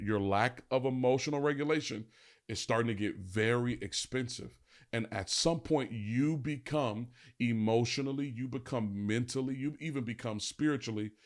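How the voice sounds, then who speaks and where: A man hosting a podcast, telling a personal story in a candid, emphatic way with casual slang, on a podcast set. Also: mid-range voice. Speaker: podcast host.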